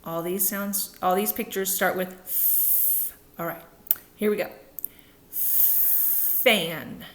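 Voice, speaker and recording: A woman giving a speech therapy lesson to children, upbeat and slow, modeling each sound clearly. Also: mid-range voice, huge pitch swings, echoey room, slight background noise.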